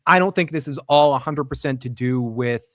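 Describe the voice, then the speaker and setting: A man hosts a casual recap show, animatedly acting out characters' lines as he retells scenes. He speaks fairly quickly in a medium-pitched voice, captured in clean studio sound with no room sound.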